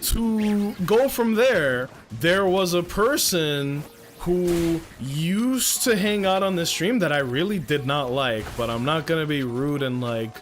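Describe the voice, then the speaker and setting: Fired-up high-voiced male streamer ranting. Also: animated, slow. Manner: profane, heated ranting. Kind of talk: casual livestream rant.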